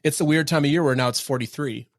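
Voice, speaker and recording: A man's voice: fairly high pitch, fast, dry recording, clean studio sound. A man from Minnesota hosting a podcast interview, friendly and self-deprecating in casual chat. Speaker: podcast host.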